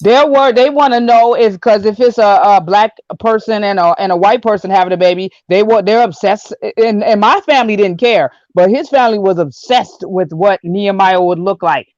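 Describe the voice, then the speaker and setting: A woman's voice: medium pitch, moderate pace, hardly any pauses, darkish tone, dry recording. Indignant woman telling a story, lo-fi. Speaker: panelist. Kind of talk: casual group chat. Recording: dull lo-fi audio.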